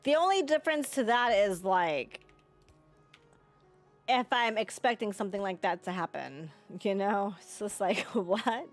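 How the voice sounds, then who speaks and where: A woman's voice: mid-range voice, animated, a little slow, faint music behind. A woman livestreaming a game, chatting playfully with her viewers and laughing often. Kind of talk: live gameplay commentary and chat with viewers.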